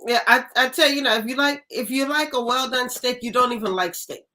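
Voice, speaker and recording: A woman's voice: on the high side, brisk, bright, forceful tone. A woman from New Orleans hosting a casual interview, laughing often and adding short reactions. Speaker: interview host.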